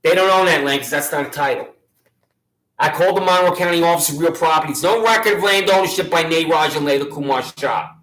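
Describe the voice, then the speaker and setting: A man's voice: a little high, fast, a bit bright, reverberant, low-quality recording. A man making an impassioned public complaint against local officials, accusatory, sarcastic and repetitive.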